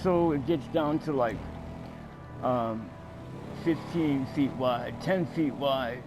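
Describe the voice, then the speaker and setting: A man's voice: mid-range voice, noisy background. A man playing a video game and telling a rambling, profane tall tale full of fillers. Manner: rambling, profane, fillers, acts out scenes loudly. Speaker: gaming streamer. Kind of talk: tall-tale comedic storytelling over gameplay. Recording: game music underneath. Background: game music.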